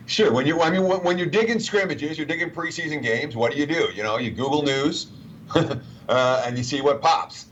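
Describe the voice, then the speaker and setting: A man's voice: fairly high pitch, moderate pace, a bit bright, dull audio, a little hiss or hum. A man giving sports betting analysis in a chatty, conversational way. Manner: chatty, reads out quotes.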